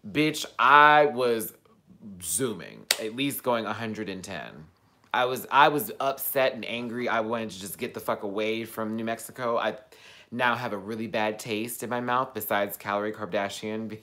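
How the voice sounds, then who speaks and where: A man telling a story as a casual vlog rant, sassy and profane, swinging from loud outbursts to low muttered asides. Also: unhurried. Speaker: vlogger.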